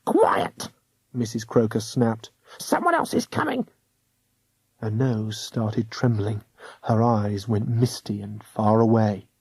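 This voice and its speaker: A man's voice: on the low side, animated, takes it slowly, darkish tone, husky, no room sound, exaggerated voice. An audiobook narrator, a man, voicing a cunning, evil old woman ghost hunter who hisses and screeches. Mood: hushed menace. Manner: hissing, screeching, whispery menace. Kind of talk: audiobook character reading.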